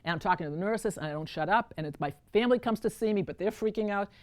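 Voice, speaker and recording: A woman's voice: medium pitch, fast. A woman performing a one-woman storytelling show, talking straight to the audience and calling them folks. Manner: animated, addresses audience as folks. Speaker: solo stage performer.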